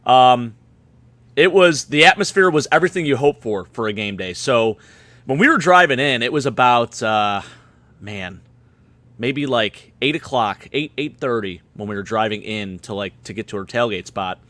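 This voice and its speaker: Slightly hoarse, tipsy man chatting. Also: mid-range voice, moderate pace, dry recording. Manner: rambling, excited storytelling. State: a bit tipsy. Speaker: guest fan panelist. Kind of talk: casual chat.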